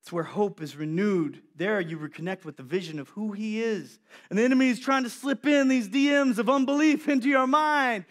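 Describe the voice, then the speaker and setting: A young man preaching a sermon as a youth pastor, animated and acting out quotes and voices. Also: high-pitched, brisk.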